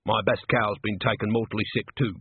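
A man's voice: fairly low pitch, steady tone, a little fast, breathy edge, no echo. A man voicing a worried, hesitant innkeeper who stumbles over his words. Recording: dry, tinny phone-like sound.

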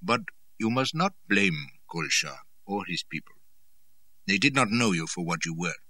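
A man voicing a stout, genial chieftain who speaks mildly and politely, with quiet menace beneath. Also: low-pitched, very animated, normal speed, no room sound, far from the mic, heavily acted. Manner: mild, smooth, polite, cheerfully ironic.

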